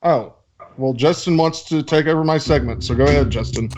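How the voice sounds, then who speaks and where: A man co-hosting a casual podcast, reading out listener questions in a loose, joking way. His voice sits a little high. The recording sounds somewhat dull and lo-fi. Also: fairly quick, a little mellow. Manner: loose, joking, swearing, stumbles over names.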